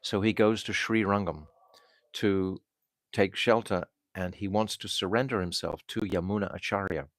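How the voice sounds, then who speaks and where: Low male preacher, halting storyteller, close and dry. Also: steady tone, no echo. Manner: halting, with restarts and fillers. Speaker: swami giving a spiritual talk. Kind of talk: storytelling sermon.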